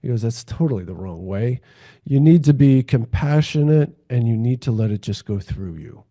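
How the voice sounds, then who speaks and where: A man with a mid-range, mellow voice talks in a measured, reflective way. He often murmurs agreement while the other host speaks. The conversation is casual. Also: mid-range voice, expressive. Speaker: podcast co-host.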